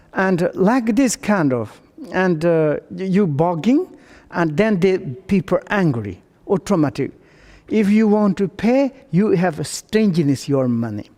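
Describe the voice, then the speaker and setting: Tibetan-accented male Buddhist teacher, unhurried and fairly high-voiced, heard with a long reverb. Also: animated, darkish tone. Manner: broken English, storytelling with acted dialogue. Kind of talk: dharma teaching. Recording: long reverb in a large room.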